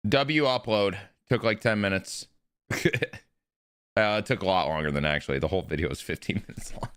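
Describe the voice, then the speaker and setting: Casual male streamer, low crisp voice, dry close mic, swears freely. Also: a little fast, a bit bright, no echo. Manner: loose, swearing, talks to chat. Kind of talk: casual live-stream chat.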